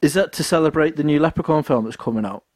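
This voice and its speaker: A man's voice: a little high, quick pace, a little mellow, dry recording. A young man co-hosting a podcast, teasing his friend with laughs and interruptions. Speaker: podcast co-host. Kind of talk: casual chat.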